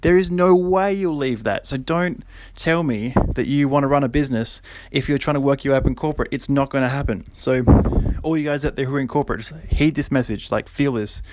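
A young man hosting a solo podcast, talking casually and then getting preachy and animated, with lots of fillers and quick laughs. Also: mid-range voice, noisy background. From Australia. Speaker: podcast host.

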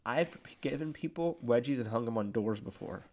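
A young man co-hosting a podcast in casual chat, blunt and deadpan as he teases. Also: medium pitch, moderate pace. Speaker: podcast co-host.

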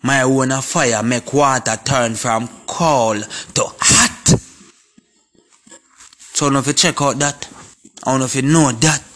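Jamaican man, impassioned vlog rant, forceful and repetitive, mid-pitched voice. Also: steady tone, slow pace, long pauses. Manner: preachy, repetitive, speaking in Jamaican patois; forceful and confrontational. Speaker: vlogger. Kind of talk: impassioned monologue to camera.

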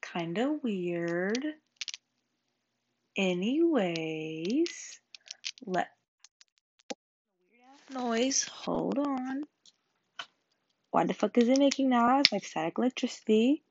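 Excitable young woman rambling on earbud mic. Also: on the high side, slow pace, gravelly, long pauses, highs cut off, background noise. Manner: swears freely, rambling and excitable. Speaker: vlogger. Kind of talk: casual rambling chat. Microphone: earbud headset mic.

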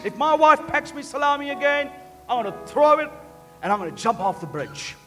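A man's voice: very high voice, very animated, a little fast, pushed and bright, in a large hall, soft background music, voice pushed up, heavily acted. A man voicing a grumpy Italian man in a joke, complaining about his lunch. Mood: fed up. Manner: complaining, exasperated.

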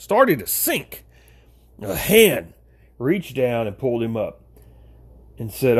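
A man preaching an informal sermon, talking straight to his listeners as folks, with big swings in pitch. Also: very animated, unhurried, breathy edge.

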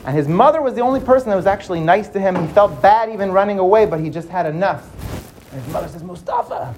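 A storyteller narrating a dramatic tale, lively and dropping low for suspense. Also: fast talker, a little hiss or hum. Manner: lively, drops to hushed for suspense.

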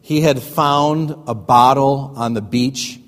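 A man's voice: medium pitch, steady tone, slow pace, a bit bright, long reverb tail. A middle-aged male pastor preaching a sermon in a folksy, joking way, laughing at his own stories.

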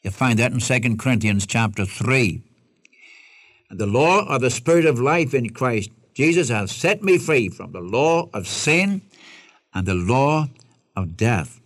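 A man's voice: mid-range voice, lively intonation, unhurried, dry recording. A man preaching a radio Bible study sermon, emphatic and pleading as he quotes scripture.

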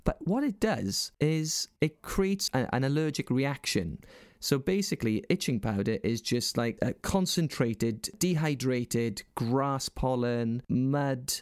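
A man's voice: mid-range voice, lively intonation, slow pace, a little mellow, clean tone, no room sound, studio quality. A man in his forties co-hosting a podcast, telling stories in casual chat and acting out voices in his anecdotes. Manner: chatty storyteller, acts out voices in anecdotes. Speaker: podcast co-host.

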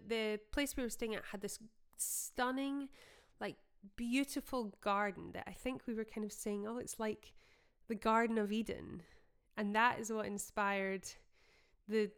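Young Scottish woman, podcast host, chatty storyteller, smooth clear tone. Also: medium pitch, fairly even intonation, normal speed, a bit bright. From Scotland. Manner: chatty, storytelling, frequent fillers. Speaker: podcast host and singer-songwriter. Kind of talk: casual reminiscing chat.

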